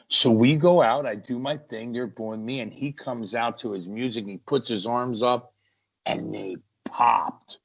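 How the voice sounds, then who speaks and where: Male wrestler guest, energetic storyteller, mid-pitched, dull lo-fi recording. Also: measured pace, gravelly. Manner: energetic, acts out ring action. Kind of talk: animated storytelling. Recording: lo-fi muffled audio.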